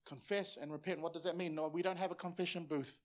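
A man's voice: on the high side, fairly even intonation, quick pace. A man in his forties from Samoa, a pastor preaching a sermon in an earnest, passionate way and often repeating words as he presses a point.

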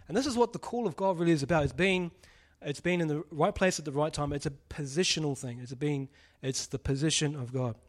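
A man's voice: on the high side, fairly bright tone. A man preaching a casual sermon, joking and putting questions to the congregation. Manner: chatty, jokey, asks the audience questions.

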